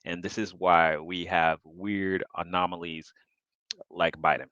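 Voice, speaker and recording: A man's voice: low voice, little pitch movement, unhurried, sharp tone, clear, resonant tone, no echo, muffled recording. A man chatting casually, wondering aloud and musing about things. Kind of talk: casual chat.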